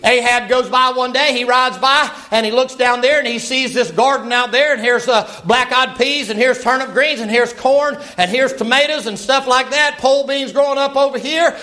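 A man preaching a sermon, retelling a scripture story in a folksy, animated way with playful asides. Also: extremely high pitch, normal speed, hardly any pauses.

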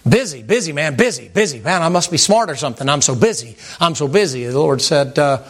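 A man preaching a sermon to a congregation in a folksy, animated way, repeating words and mimicking sounds. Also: a little high, fairly quick, few pauses. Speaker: pastor. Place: church sanctuary with congregation.

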